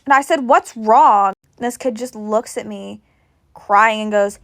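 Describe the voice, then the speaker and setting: A young woman telling funny stories in a casual storytime style, with animated, exaggerated reactions. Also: mid-range voice, a little slow.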